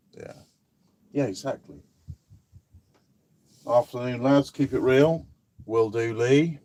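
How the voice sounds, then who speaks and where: A man's voice: mid-range voice, slow pace, long pauses, dark tone, a little hiss or hum. A man chatting on a live stream from a camper van, joking and reading out viewers' comments. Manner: joking, wry, talks to viewers by name. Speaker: vlog host reading live chat. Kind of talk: casual live-stream chat.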